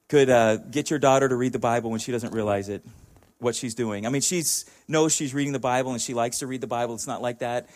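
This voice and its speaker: Talk like a middle-aged man chatting with a congregation. Keep it anecdotal and easygoing, in a medium voice with a ready chuckle. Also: medium pitch. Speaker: church speaker.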